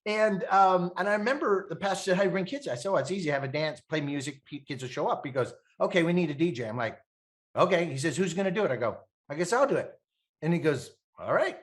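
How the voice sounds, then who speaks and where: A man in his fifties from Canada, a podcast guest telling animated stories, laughing often and acting out the voices of people he quotes. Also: fairly high pitch, fast. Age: 50s. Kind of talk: animated storytelling.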